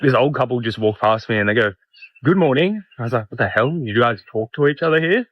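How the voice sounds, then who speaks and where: A man from Australia vlogging his travels, excitable and amused. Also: mid-range voice, fast, dry recording, dull audio. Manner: excitable, amused, laughing often. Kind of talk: travel vlog.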